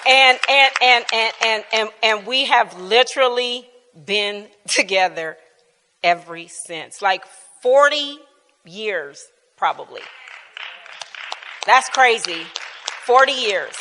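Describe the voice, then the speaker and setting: A woman in her fifties sharing a personal testimony at a Bible class, telling it in an animated way, laughing often and dropping to quiet tones. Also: fairly high pitch, slow pace, big-room sound, a crowd in the background, background noise. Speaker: church speaker sharing testimony. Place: church hall.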